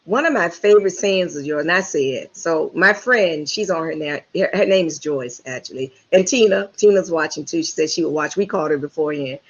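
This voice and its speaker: A woman's voice: deep voice, a little fast, hardly any pauses. Woman, talk show host, chatty and talkative, muffled lo-fi sound. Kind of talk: casual interview chat. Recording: dull lo-fi audio.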